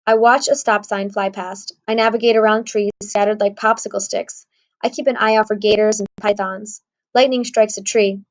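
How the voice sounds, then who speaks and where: A woman reading a storybook aloud in a wry, conversational way, at a middle pitch. Her narration stays easy and personable, with dry humor. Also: little pitch movement, moderate pace, rough recording. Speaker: audiobook narrator. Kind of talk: first-person audiobook narration.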